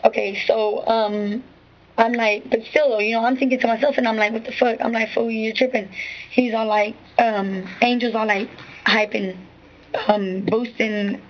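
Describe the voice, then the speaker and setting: A woman's voice: a little high, steady tone, a little slow, a little hiss or hum, poor audio. A woman recounting events to an interviewer in street slang, rambling and repeating herself. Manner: rambling, repeats "you know what I'm saying". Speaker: witness giving a statement.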